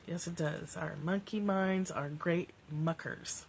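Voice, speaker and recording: A woman's voice: on the low side, vocal fry, a little mellow, slight background noise. A woman hosting a casual livestream from home, reading spiritual passages and chatting, laughing often as her cats interrupt. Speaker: live-stream host. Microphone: phone or webcam livestream.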